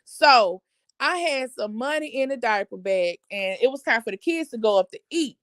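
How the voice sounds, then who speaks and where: A middle-aged woman hosting a family live show, telling a story in an animated, expressive way. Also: fairly high pitch, moderate pace, dry recording. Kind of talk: casual storytelling chat.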